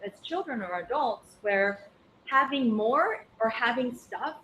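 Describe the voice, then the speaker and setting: A woman teaching a casual Buddhist class in a classroom speaks a little slowly, her expressive voice on the high side and fairly bright. She's conversational and anecdotal, using many fillers, in an echoey room with faint ambience and slight background noise.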